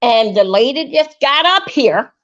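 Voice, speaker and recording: A high-voiced woman vents on a live stream, swearing and circling back over the same grievance. Her anger keeps building as she tells the story. The audio is muffled and lo-fi, like a typical stream recording. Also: sing-song, unhurried. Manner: profane, angry, repetitive storytelling. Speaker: livestream host. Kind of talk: heated live-stream rant.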